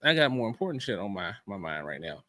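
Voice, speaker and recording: A man's voice: on the low side, sing-song, fast, bright, forceful tone. A man co-hosting a podcast in casual chat, telling stories in a laid-back way and murmuring agreement often. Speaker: podcast co-host.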